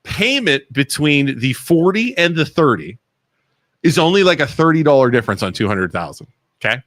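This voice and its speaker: Male co-host, Ohio accent, blunt storyteller, bright tone, close dry studio sound. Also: on the high side, moderate pace, no echo. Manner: blunt, animated storytelling, acts out quotes. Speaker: co-host, mortgage broker. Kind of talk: casual radio talk show chat. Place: small studio.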